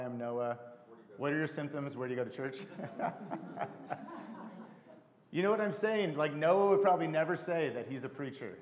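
A male pastor preaching a sermon in a conversational way, often putting questions to the congregation. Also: a little high. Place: church sanctuary. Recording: echoey church hall.

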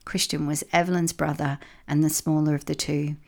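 Female storybook narrator, low and gravelly, steady unhurried read. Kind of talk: storybook reading.

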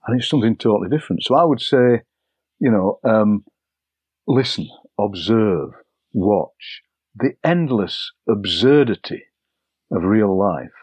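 An older man, a poet, telling anecdotes in a relaxed interview and acting out overheard phrases. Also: on the low side, unhurried, breathy edge, no room sound. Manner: chatty, anecdotal, acts out overheard lines. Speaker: poet and broadcaster, interview guest. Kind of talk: relaxed storytelling conversation.

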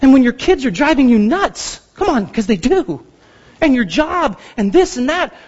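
A man in his thirties preaching a sermon as pastor, telling stories with animated, playful outbursts. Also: very high-pitched, normal speed, breathy edge. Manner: animated storytelling, acts out frustration with loud outbursts. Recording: dull sound with long hall reverb.

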